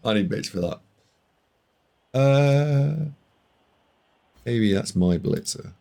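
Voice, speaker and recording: A man's voice: mid-range voice, expressive, slow pace, vocal fry, dark tone. A man streaming a board game live, bantering and teasing with his chat in casual commentary.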